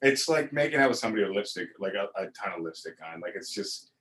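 A man's voice: fairly low pitch, lively intonation, fast talker, a bit bright. A man co-hosting a casual chat, telling stories with crude jokes and repeated words.

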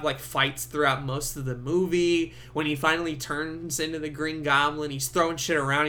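A young man hosting a podcast, giving a casual movie review full of swearing and laughter. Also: fairly high pitch. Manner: swearing, laughing, animated storytelling. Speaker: podcast host.

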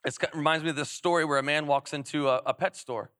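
Young man, pastor, sermon, energetic, emphatic, high voice, dry sound. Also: fast talker, clean tone, no echo. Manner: energetic, emphatic, repeats phrases, prompts audience.

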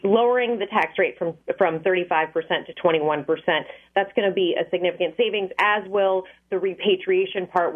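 A woman giving a live radio market report, clear and explanatory. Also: fairly low pitch. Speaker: financial correspondent. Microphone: phone line. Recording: tinny phone line.

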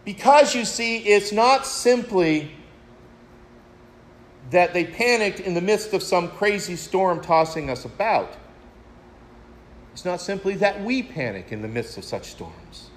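A man's voice: high voice, lively intonation, a little slow. A man preaching a sermon, retelling a story in a reflective way and addressing his listeners as friends. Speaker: pastor.

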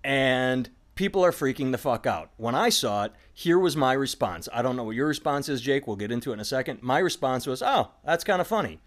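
Rambling, animated male podcast host. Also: mid-range voice, fairly quick, hardly any pauses. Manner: rambling, animated storytelling with sudden voiced impressions. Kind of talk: casual comedy podcast chat.

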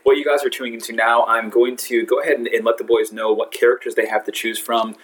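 A man runs a tabletop game as its game master. His voice sits at an ordinary middle pitch, and he talks in loose, rambling stretches, often restarting his sentences and breaking into laughs. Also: little pitch movement, fast, fairly bright tone. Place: brewery.

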